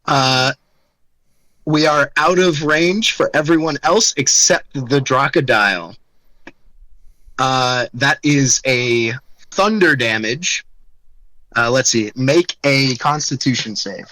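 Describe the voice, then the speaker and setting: A man explaining his game turn with a bright, forceful tone, going slowly with plenty of uh's. The sound is dry and close, with no room around it. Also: mid-range voice, dry recording, poor audio. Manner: halting, full of uh fillers, laughing. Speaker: player. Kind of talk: playing a tabletop game.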